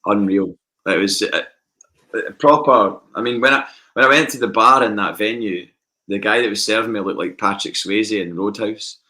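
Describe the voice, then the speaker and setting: A man with a Scottish accent telling lively anecdotes in a casual podcast chat. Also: fairly low pitch, moderate pace. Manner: animated anecdotes with acted quotes. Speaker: podcast guest.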